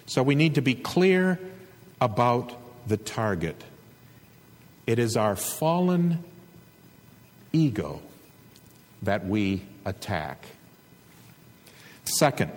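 A male preacher delivering an earnest, emphatic sermon with a husky voice. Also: on the low side, big pitch swings, takes it slowly, pauses often, in a large hall. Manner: earnest, emphatic exhortation with rising intensity.

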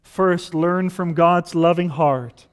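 A man's voice: high voice, fairly even intonation, slow, big-room sound. A man preaching a sermon with impassioned, rising appeals to his listeners.

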